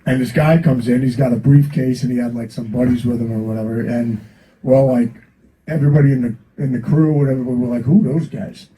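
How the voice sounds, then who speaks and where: A man's voice: mid-range voice, steady tone, quick pace, warm tone, slight background noise, low-quality recording. A man, the guest musician at a Q&A, telling rambling stories full of fillers and laughter. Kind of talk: casual storytelling to an audience. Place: record store event.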